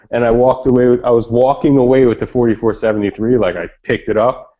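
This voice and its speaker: A man telling a story in a casual chat, animated and swearing freely. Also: medium pitch, fast. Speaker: chat participant. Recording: lo-fi online voice chat.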